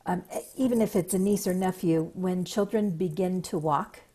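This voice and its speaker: Husky-voiced woman host. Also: on the low side, warm tone. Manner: measured, with thoughtful pauses and fillers. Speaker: podcast host. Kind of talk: conversational interview talk.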